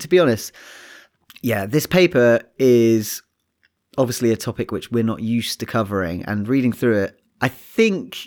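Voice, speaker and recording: A man co-hosting a casual science podcast, thinking aloud in a relaxed way with frequent restarts. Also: mid-range voice. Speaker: podcast co-host.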